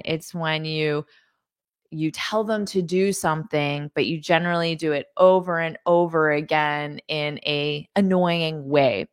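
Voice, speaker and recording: Woman doing a live english lesson, talks slow, upbeat, shouts out viewers, mid-pitched voice. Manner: enthusiastic, greets viewers, laughs often; models pronunciation slowly and repeats words.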